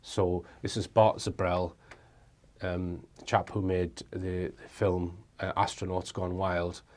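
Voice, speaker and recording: A man with a low voice talks informally to the camera. He restarts phrases and drops fillers as he goes. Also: level tone, slow pace, a little mellow. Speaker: presenter.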